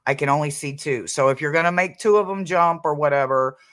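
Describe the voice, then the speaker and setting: A man's voice: on the high side, a little fast, fairly bright tone. Chatty man reading tarot live. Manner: chatty and playful, laughs often, greets viewers. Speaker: tarot reader hosting a live stream. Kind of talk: casual live-stream chat.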